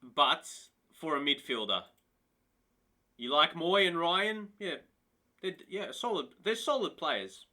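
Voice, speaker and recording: A man's voice: on the high side, slow. A man live-streaming a football management game, chatting to his viewers and exclaiming in disbelief. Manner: excitable, talks to chat, laughs and exclaims in disbelief. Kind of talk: casual live-stream commentary.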